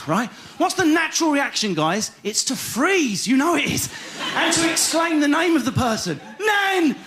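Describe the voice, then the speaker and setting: A man with an Essex accent doing a fast, animated stand-up comedy set on stage, often bursting into shouts. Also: very high-pitched. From Essex, England. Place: comedy stage before an audience.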